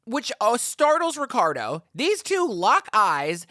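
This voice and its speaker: A woman's voice: a little high, sing-song, slow, bright, forceful tone, no room sound, clean studio sound. A woman co-hosting a podcast, recapping a crime show in casual, jokey chat with acted quotes. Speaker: podcast co-host.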